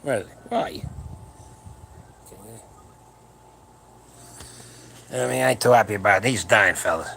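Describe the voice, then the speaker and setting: Older man, 70s, gravelly, forceful, crude jokes, rambling late-night livestream. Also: lowish voice, moderate pace, pauses often, a little hiss or hum. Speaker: powerlifting channel host. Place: at home late at night with his wife asleep nearby.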